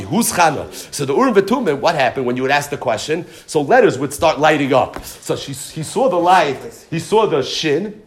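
A man teaches a Talmud class, working through the sources point by point. His voice sits a little high and swings widely in pitch. He drops Hebrew and Yiddish terms into his English as he explains. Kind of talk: Torah class lecture.

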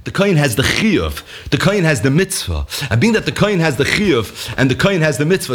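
Animated high-voiced man teaching Torah. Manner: asks and answers his own questions, repeats points for emphasis. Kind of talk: lively Talmudic lecture.

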